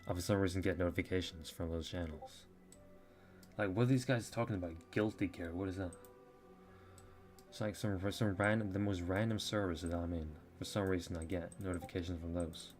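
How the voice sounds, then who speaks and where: A man's voice: deep voice, steady tone, a little fast, a little mellow, soft background music. A Norwegian man with an American-leaning accent chatting casually to viewers on a live stream, rambling with lots of fillers. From Norway.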